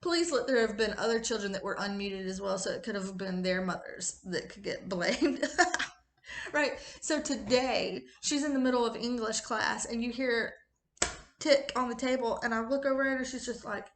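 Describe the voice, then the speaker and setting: A woman in her thirties telling a casual late-night story, animated, laughing often and swearing freely. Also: on the high side, moderate pace, roomy sound, a little hiss or hum. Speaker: tarot reader and channel host.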